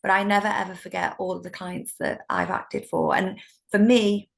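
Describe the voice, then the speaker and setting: Gravelly-voiced British woman telling stories. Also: medium pitch, moderate pace. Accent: British English. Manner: warm, animated storytelling with laughs. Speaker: solicitor, interview guest. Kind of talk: conversational interview.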